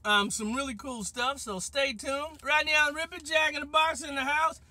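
A man speaks in an extremely high register with a sharp, bright tone. He chats in a casual, upbeat way while sitting in his car, looping back to the same catchphrases. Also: fairly even intonation, normal speed, no room sound. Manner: chatty, upbeat, repeats catchphrases. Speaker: vlogger reviewing fast food. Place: in a parked car.

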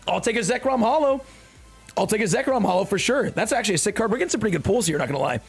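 Hyped young man streaming, gravelly voice. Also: high voice, expressive, racing, faint music behind. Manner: hyped, jokey, talks to chat, slangy. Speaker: streamer opening trading card packs. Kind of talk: excited casual live-stream chat.

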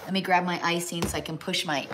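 A woman's voice: on the low side, fairly even intonation, quick pace, noisy background. A middle-aged woman from the American Midwest chatting casually on a livestream while she crafts, rambling and breaking off to talk to her pets. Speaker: livestream host. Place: home kitchen or craft table.

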